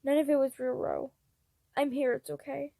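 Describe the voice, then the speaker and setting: An anxious, gentle young man with a soft, halting voice, as a woman acts him out. He sounds tender and unsure in a read-aloud storybook, recorded close and dry. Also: high voice, vocal fry, dry recording. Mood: soothing.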